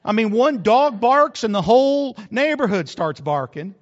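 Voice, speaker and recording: A pastor preaching in a high, very animated voice, folksy and full of jokes and asides to his congregation. His voice rings through a large, reverberant sanctuary. The recording sounds slightly muffled. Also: unhurried. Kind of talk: sermon.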